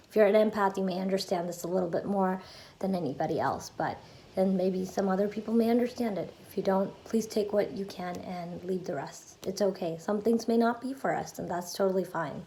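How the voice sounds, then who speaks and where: A woman's voice: mid-range voice, a little fast, mellow, slight background noise. A woman giving a casual, earnest self-help talk to her channel's viewers, chatty and full of fillers. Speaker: YouTuber.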